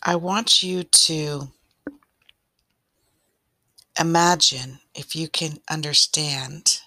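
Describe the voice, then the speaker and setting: Slow, low-voiced woman podcast host. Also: no room sound. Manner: slow, gentle, inviting. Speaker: podcast host and spiritual coach. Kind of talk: soft-spoken podcast talk and story reading.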